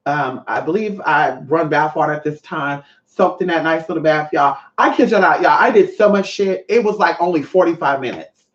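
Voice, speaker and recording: A speaker casually telling a story to viewers, lively and profane, acting out the other people's voices. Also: mid-range voice, moderate pace. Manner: animated, swears often, acts out other voices. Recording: muffled, echoey room.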